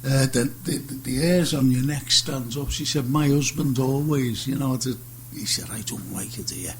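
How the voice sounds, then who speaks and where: A man's voice: medium pitch, steady tone, moderate pace, slight background noise, low-quality recording. A man hosting a radio chat show, jokey and chatty, telling his own stories. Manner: jokey, chatty, breaks in eagerly.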